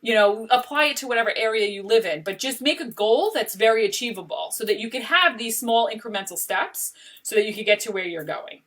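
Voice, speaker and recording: A woman's voice: fairly high pitch, brisk, fairly bright tone. Emphatic woman coach, slightly distant mic. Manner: emphatic, keeps checking in with "okay?" and "right?". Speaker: life coach and host. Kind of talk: casual motivational talk.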